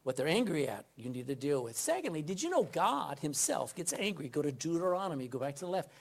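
A man's voice: on the high side, very animated, quick pace. A man preaching a sermon from the pulpit, reading scripture aloud and putting direct questions to the congregation. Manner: emphatic, swings between loud scripture reading and quiet asides. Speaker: pastor. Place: church pulpit.

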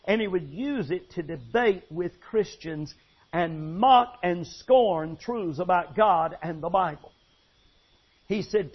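A man's voice: high-pitched, lively intonation, slow, breathy edge. A man preaching a sermon with emphatic storytelling. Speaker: pastor. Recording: dull lo-fi sound.

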